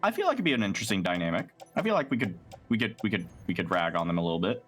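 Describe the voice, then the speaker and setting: A man hosting a casual gaming stream, talking in an animated, rambling, profane way. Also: low voice, rapid-fire, faint music behind. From United States. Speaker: streamer host.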